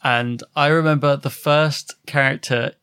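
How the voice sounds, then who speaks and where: A man hosting a podcast in casual chat, laughing often and filling pauses with hesitant ums. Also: fairly high pitch, fairly even intonation, bright, forceful tone, clean tone, no echo, studio quality. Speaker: podcast host.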